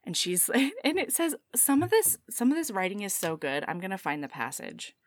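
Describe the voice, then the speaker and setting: A woman co-hosting a casual chat, giggly and animated as she recaps a story and playfully voices its characters. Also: medium pitch, normal speed. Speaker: podcast co-host.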